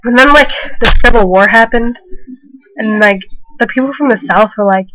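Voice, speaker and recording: A woman's voice: on the high side, normal speed, sharp tone, no room sound, poor audio. A young woman retelling history as a rambling, filler-heavy comedy bit, full of casual slang. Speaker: comedic narrator.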